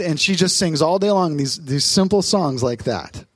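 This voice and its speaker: A man, a pastor in his thirties, preaching a sermon on stage in church, telling family stories in a lively, animated way. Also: a little high, dry recording. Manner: warm storytelling, lively, quick asides.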